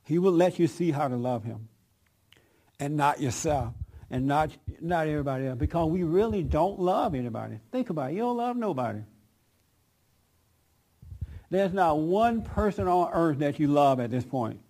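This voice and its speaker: A man's voice: on the high side, animated, normal speed, long pauses, warm tone. A man preaching in a conversational way, leading a group discussion and taking questions. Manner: emphatic, laughs often, calls on people. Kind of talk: conversational sermon with audience questions.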